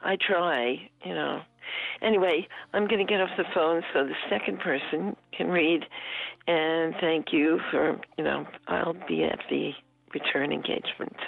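A woman's voice: deep voice, unhurried, creaky, no echo. A woman caller from Connecticut chatting casually and rambling a little on the phone. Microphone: telephone. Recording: tinny phone line.

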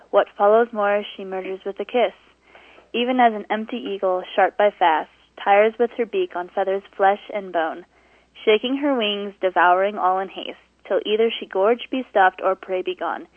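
A woman's voice: medium pitch, moderate pace, no echo. A woman calling in to a radio show by phone, bubbly and giggly, reading a poem aloud. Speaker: caller. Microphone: telephone. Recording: tinny phone line.

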